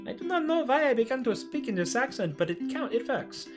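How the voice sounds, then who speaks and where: A man's voice: big pitch swings, fairly quick, few pauses. A man hosting a live music stream, bantering goofily and theatrically between comic songs. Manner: goofy, theatrical, jumps in pitch. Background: acoustic guitar.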